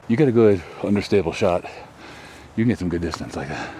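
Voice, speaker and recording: A man's voice: low-pitched, lively intonation, brisk, dark tone, slight background noise. A man hosting a casual vlog outdoors, chatty and self-deprecating as he rambles about his throws. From Texas, US. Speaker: host. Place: outdoors on a disc golf course.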